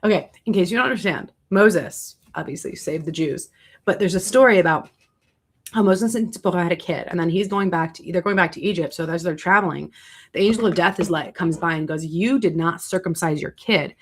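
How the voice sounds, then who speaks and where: A young adult woman hosting a casual livestream, answering viewer questions with chatty, animated storytelling and asides. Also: lowish voice, fairly quick, breathy edge.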